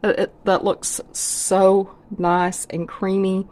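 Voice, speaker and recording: A woman's voice: medium pitch, level tone, slow pace, a little mellow. A middle-aged woman, chatting in a folksy way as she cooks and tastes food for her vlog. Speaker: home cook vlogger. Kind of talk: casual cooking vlog.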